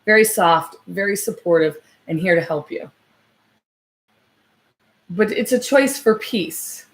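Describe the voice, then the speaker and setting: A woman doing a live psychic reading, her voice pitched squarely mid-range. She gropes for words with frequent fillers and restarts. When she relays messages she slows and softens. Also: lively intonation. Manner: hesitant, searching, many fillers and restarts; soft and slow when channeling messages. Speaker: psychic medium.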